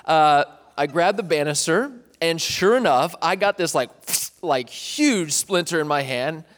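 A young man from East Tennessee preaches in a loose, conversational way, often poking fun at himself. His voice sits a bit high for a man. It echoes with the long reverb of a large hall. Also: expressive, unhurried, fairly bright tone, a little hiss or hum. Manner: chatty, self-deprecating, joking with the crowd. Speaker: pastor. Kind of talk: casual sermon.

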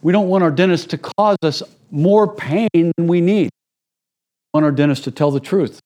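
A man's voice: a little high, a little slow, dark tone. A middle-aged man preaching a sermon to his church in a conversational way, acting out small everyday scenes to make his points. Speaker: pastor.

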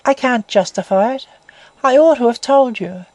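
A woman reading the part of an earnest young man who pleads with his love in a slow, deep tone. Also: warm tone, no echo, natural voice, poor audio. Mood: suppressed rage. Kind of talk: audiobook reading.

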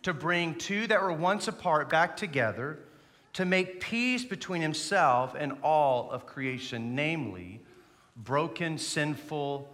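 A man's voice: a little high, lively intonation, slow pace, a bit bright. A man, an associate pastor, preaching a sermon with earnest emphasis and inviting the congregation to recite along. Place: church sanctuary. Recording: long reverb of a church hall.

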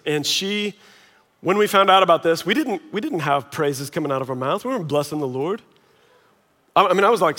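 A middle-aged male pastor preaching a sermon in a conversational, animated way, at times dropping to quiet intensity. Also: high-pitched, in a large hall.

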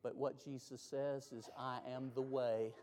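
A man preaching a sermon, moving between loud, rising climaxes and hushed, slow lines. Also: medium pitch, level tone, a little hiss or hum. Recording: long reverb of a large hall.

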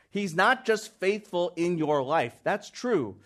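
A man with a notably high speaking voice delivers a sermon. He builds emphasis by repeating key phrases, dropping low and quiet for his most solemn points. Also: very animated, slow pace, few pauses. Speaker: preacher.

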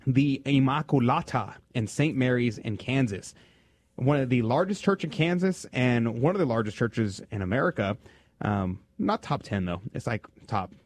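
A man's voice: mid-range voice, no echo. Male radio host in mid register, dry close studio sound; loose, chatty delivery with frequent restarts. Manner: loose, conversational, many fillers and restarts. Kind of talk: casual radio talk.

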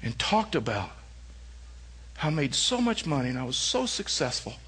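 A man's voice: mid-range voice, sing-song, normal speed, fairly bright tone, husky. A male pastor giving a sermon, telling stories conversationally and then pressing his points with emphasis. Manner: conversational storytelling that rises to emphatic preaching.

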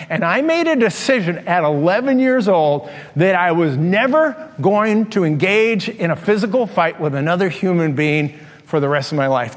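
Animated older pastor telling stories. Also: male voice, a little high. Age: 60s. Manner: animated storyteller, laughs at his own stories, acts out taunts. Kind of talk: sermon with personal storytelling. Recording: long reverb of a large hall.

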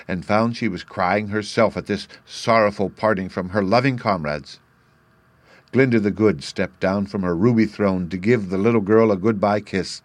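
Low-voiced male storybook narrator. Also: no room sound. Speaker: audiobook narrator.

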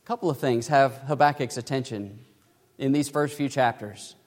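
A male pastor preaches a sermon emphatically, filling it with rhetorical questions, recorded in a church sanctuary with long hall reverb. His voice is medium-pitched and darkish, at normal speed.

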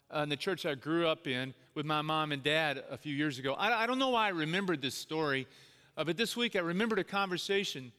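Here a middle-aged pastor recounts a personal story in his sermon with earnest, conversational warmth, performing the voices of those he quotes. His voice sits on the high side, sharp and clean. Long hall reverb colors the sound.

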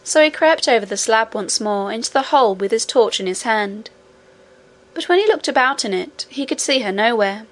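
A woman's voice: a little high, moderate pace. Woman reading a children's storybook aloud. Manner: steady storybook reading, voicing each character. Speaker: narrator. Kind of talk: audiobook narration.

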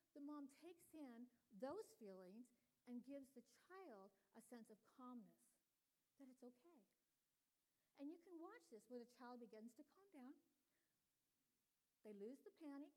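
A woman's voice: high voice, mellow, poor audio. An older woman delivering a sermon to women in an earnest, personal teaching tone. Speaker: women's ministry speaker.

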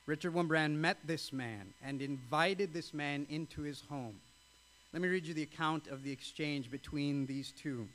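A male pastor with a somewhat high voice, preaching. He reads a story aloud with feeling, then turns to speak earnestly to the congregation. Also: fairly bright tone. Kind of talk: sermon with read-aloud story.

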